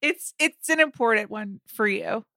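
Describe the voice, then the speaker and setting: A woman co-hosting a podcast in casual film chat, wry and teasing, jumping up into high mocking voices when she quotes people. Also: lively intonation, moderate pace, pushed and bright, dry recording, studio quality. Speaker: podcast co-host.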